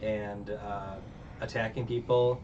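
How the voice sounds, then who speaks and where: A man's voice: fairly low pitch, flat delivery, slow pace. Rambling man recapping a show. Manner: rambling, filler-heavy, laughs often. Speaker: reviewer. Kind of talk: casual episode recap. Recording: distant dull mic with faint noise.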